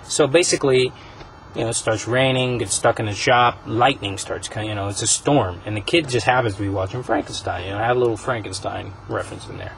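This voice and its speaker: A man hosting a casual podcast, rambling through a story pitch with many fillers. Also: fairly quick, gravelly, fairly bright tone, a little hiss or hum, rough recording. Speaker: podcast host.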